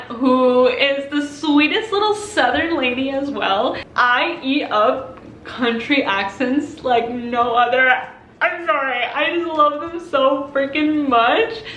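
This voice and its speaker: A young woman chatting gushingly about books on her vlog, quick to laugh and sigh. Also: high-pitched, bright, forceful tone. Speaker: book vlogger. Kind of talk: casual vlog chat. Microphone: compact camera. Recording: echoey room with faint noise.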